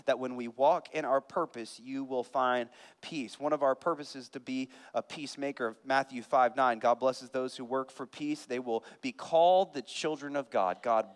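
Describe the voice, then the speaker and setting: Impassioned preaching man in a reverberant hall. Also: medium pitch. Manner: swings from hushed earnest to loud impassioned preaching. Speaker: pastor. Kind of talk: sermon. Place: church sanctuary. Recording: long hall reverb with band music. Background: live band playing.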